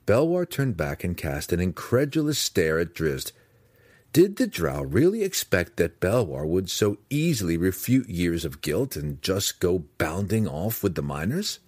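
A man narrating a fantasy novel as an audiobook, in a measured, expressive storytelling manner. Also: sits low, dry recording.

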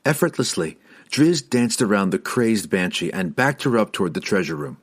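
A man's voice: fairly low pitch, very animated, moderate pace, breathy edge. A man reading a fantasy novel aloud as scripted narration, dramatic and rising on tense moments. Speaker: audiobook narrator.

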